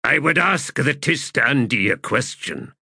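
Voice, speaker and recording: A man's voice: mid-range voice, very animated, a little slow, pushed and bright, breathy edge, dry recording, studio quality, voice pushed up, full character voice. A man voicing an anguished veteran soldier who speaks in a strained, urgent way, in an audiobook.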